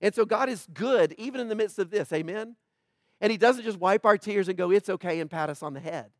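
A man's voice: sits high, brisk, dry recording, clean studio sound. A man preaching a sermon in a conversational way, asking the congregation questions and pressing his points harder as he goes. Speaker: pastor.

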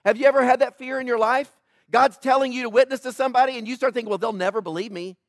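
A man's voice: very high-pitched, flat delivery, racing, vocal fry, no echo, studio quality. A man preaching a sermon as pastor, talking conversationally to the congregation with jokes, asides and frequent checks like "right?".

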